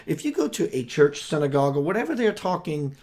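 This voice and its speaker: A man with a slightly high voice hosts a casual spiritual radio chat. He talks earnestly and often stumbles and restarts his words. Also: big pitch swings, quick pace, a little mellow. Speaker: radio show host.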